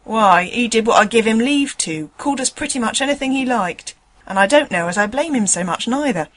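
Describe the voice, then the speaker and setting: A woman's voice: fairly high pitch, expressive, brisk, a bit bright. A woman voicing a chatty, indignant male tram conductor, rambling in folksy dialect. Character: chatty working-class male tram conductor, middle-aged.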